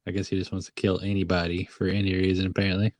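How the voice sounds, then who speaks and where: A man with a fairly low voice recaps a movie for his podcast co-host in easy, casual chat. He laughs a lot and slips into quick voices when quoting the characters. The sound is close and dry, with no room around it. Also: completely flat delivery, a little mellow, no room sound. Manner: laughs often, acts out quotes in funny voices.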